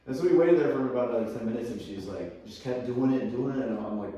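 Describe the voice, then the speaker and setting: A man's voice: mid-range voice, rapid-fire, hardly any pauses, dull audio. A man chatting as a podcast guest, telling profane stories and acting out the people in them. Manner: animated, swears freely, acts out the people in his stories. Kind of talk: casual profane storytelling. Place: gym. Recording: echoey gym, far from the mic.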